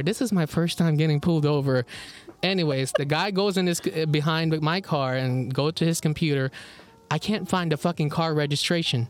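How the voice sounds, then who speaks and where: A man co-hosting a podcast, telling a story in animated, casual chat, swearing freely and laughing often. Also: fairly high pitch. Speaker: podcast co-host. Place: indoor recording with co-host beside him.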